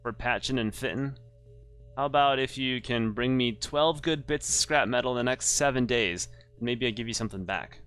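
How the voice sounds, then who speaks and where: A man's voice: mid-range voice, moderate pace, a bit bright, clear, resonant tone, faint music behind, natural voice. Guy doing a quirky space station captain, clipped slangy talk, wants scrap. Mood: playful. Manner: playful, clipped slangy speech.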